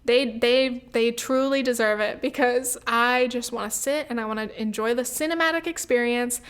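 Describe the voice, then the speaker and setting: A woman in her twenties hosts her own podcast, chatting casually on her own, swearing freely and scattering "like" and "um" through her talk. Her voice is on the high side, with a clean tone and a normal speed.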